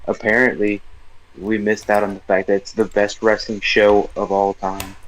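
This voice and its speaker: A man's voice: on the low side, flat delivery, moderate pace, fairly bright tone, dry recording, poor audio. A man from the United States co-hosting a podcast, brash and joking with plenty of profanity. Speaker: podcast co-host. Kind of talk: casual chat.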